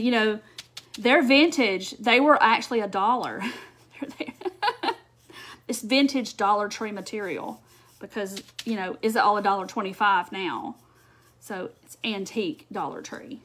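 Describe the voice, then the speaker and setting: A woman's voice: fairly high pitch, measured pace, pauses often, fairly bright tone. Chatty woman hosting a craft livestream. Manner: chatty, answers viewer comments, laughs often. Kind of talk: casual live craft demonstration.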